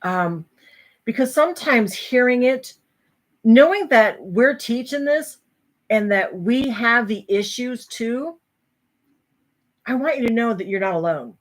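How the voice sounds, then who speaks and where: A middle-aged woman host telling a personal story to an audience, animated and acting out the voices of others. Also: on the high side, unhurried, pauses often.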